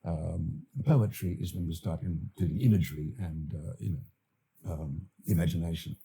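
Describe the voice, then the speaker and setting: An older Australian man, an actor and director, talking as a podcast guest in a thoughtful, halting way with many fillers and restarts. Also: low voice, creaky, mellow, slightly rough. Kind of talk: podcast interview.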